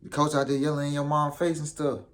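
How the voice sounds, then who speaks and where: A young male vlogger tells a story in casual style, talking fast in a slightly high voice. He's animated, uses profane street slang and acts out the quotes.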